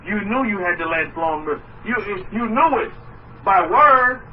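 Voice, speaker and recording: A man preaching a sermon as a rabbi, animated, trading mock voices and asides with his listeners. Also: sits high, moderate pace. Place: room with listeners. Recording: muffled distant mic with faint noise.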